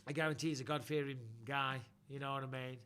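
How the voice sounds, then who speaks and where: A man's voice: mid-range voice, level tone, quick pace, bright, forceful tone, smooth. A man hosting a casual live-stream chat and reading viewer questions, talking bluntly and swearing freely. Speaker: host.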